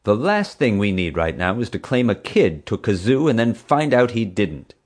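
A man's voice: fairly low pitch, very animated, normal speed, voice pushed up. A man reading an audiobook voices a stern, commanding female theme park boss who gives curt orders. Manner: curt, bossy, clipped orders.

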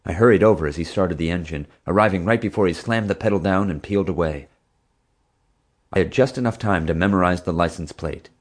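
A man with a very low voice reads a first-person story aloud. He tells it in a steady, plain way, like an audiobook narrator.

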